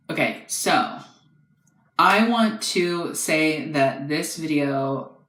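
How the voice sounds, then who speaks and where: A man's voice: on the high side, a bit bright. Rambling young man in an echoey room. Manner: rambling, hesitant, lots of fillers. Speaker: doll reviewer. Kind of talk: casual video review.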